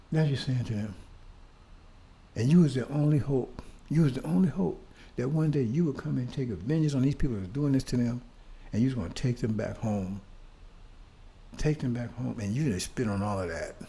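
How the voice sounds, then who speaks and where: In a warm, medium-pitched voice, an older history speaker gives a fiery street-style lecture. He repeats rhetorical questions forcefully, with occasional swearing mixed in.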